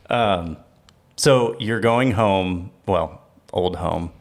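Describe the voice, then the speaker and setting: A deep, gravelly-voiced man hosts a relaxed podcast conversation. He talks in a loose, joking, rambling way. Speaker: podcast host. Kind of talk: casual podcast chat.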